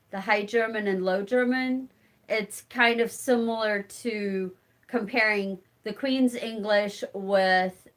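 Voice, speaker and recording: Speaking at a medium pitch with a touch of brightness, a Southern Illinois woman from a rural community hosts a relaxed live stream. As channel host she reads the chat, replies to viewers by name, and laughs frequently.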